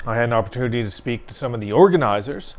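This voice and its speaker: A man's voice: mid-range voice, expressive, racing. A man co-hosting a local newspaper talk show, telling stories in a chatty way and laughing often. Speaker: newspaper co-host. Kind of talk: casual chat.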